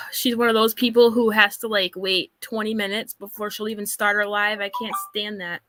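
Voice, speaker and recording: A woman's voice: medium pitch, flat delivery, moderate pace, sharp tone, no echo. A woman hosting a live stream, chatting casually, blunt and gossipy, often laughing. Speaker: streamer host.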